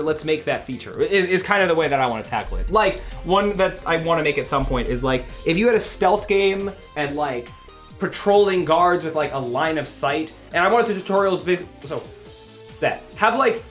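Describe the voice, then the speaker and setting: Man, livestream developer, casual rambling chat, slightly high voice, faint music behind. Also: fairly bright tone. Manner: rambling, many restarts and fillers.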